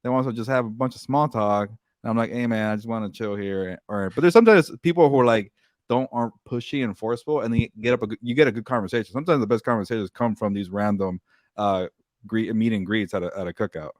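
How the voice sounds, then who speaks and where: A man co-hosting a sports podcast in casual chat, talking quickly with halting restarts and repeated words. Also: lowish voice, no room sound, clean studio sound. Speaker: podcast co-host.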